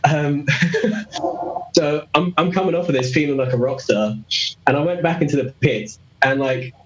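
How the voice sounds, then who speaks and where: A man's voice: fairly high pitch, normal speed, highs cut off, slight background noise. British young man, rambling storyteller. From Britain. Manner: rambling, laughs often, many restarts. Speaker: interview guest. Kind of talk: casual storytelling.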